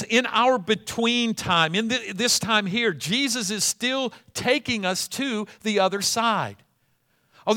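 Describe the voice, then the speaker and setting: Bright-voiced man preaching a sermon. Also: high-pitched. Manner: animated storytelling, acting out scenes.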